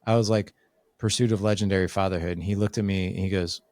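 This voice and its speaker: A man's voice: low-pitched, quick pace, no room sound. A man talking as a podcast guest, telling a story casually and acting out the lines of people in it. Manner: animated storyteller acting out quoted dialogue.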